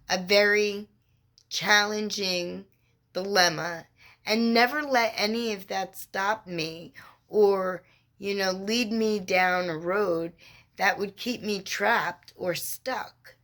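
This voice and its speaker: A woman who works as a spiritual mentor, telling a personal story to camera in an unhurried, reflective and encouraging way. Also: medium pitch, fairly bright tone.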